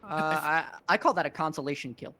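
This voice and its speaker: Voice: medium pitch, fairly quick, bright, forceful tone, slight background noise. An esports color commentator breaking down a live match, analytical and playful, teasing the co-caster.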